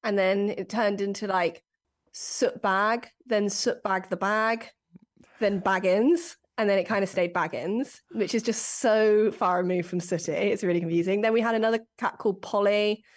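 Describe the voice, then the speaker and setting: A young adult woman, a comedian guest on a podcast, chatting casually, laughing often and breaking into a high cooing voice. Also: normal speed. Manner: animated, giggly, slips into high cooing cat voice.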